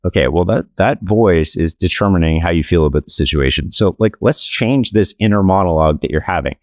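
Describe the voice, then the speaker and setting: A man, an author being interviewed, talking in a relaxed, anecdotal way with many casual fillers. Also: low-pitched, brisk, no room sound, studio quality. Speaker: author and podcast guest. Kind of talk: conversational interview storytelling.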